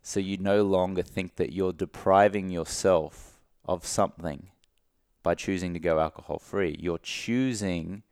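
A man from Australia, a guest coach on a podcast, who talks in an animated way and acts out little dialogues in different voices. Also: deep voice, measured pace, smooth, dry recording, studio quality. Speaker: guest, alcohol-free coach.

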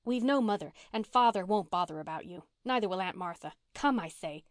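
A woman reading the part of a warm-hearted but bossy minister's daughter, who speaks in a commanding, impatient way. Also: mid-range voice, animated, fairly quick, dry recording, studio quality, close to an everyday voice.

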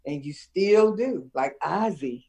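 An older woman chatting with her son in a family interview, reminiscing in a warm, teacherly way and laughing easily. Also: on the low side, animated, slow pace, slightly rough, low-quality recording. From Chicago area. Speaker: interviewee, mother of the host.

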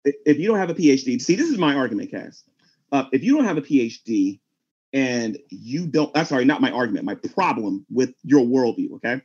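A man's voice: medium pitch, lively intonation, a little fast, darkish tone, breathy edge, lo-fi sound. A man arguing as a Christian in a heated online debate, preachy and talking over others.

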